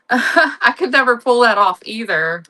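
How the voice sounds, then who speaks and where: Chatty woman host for a live online sale, bright and gushing, telling rambling stories between lots. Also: a little high, animated, unhurried. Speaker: live online auction seller. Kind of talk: casual live-selling chat.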